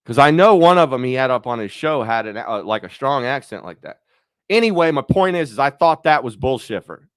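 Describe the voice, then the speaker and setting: A man's voice: medium pitch, very animated, a little fast, smooth, dry recording, clean studio sound. A man hosting his own channel, thinking aloud in a rambling, profane, casual chat. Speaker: YouTube channel host.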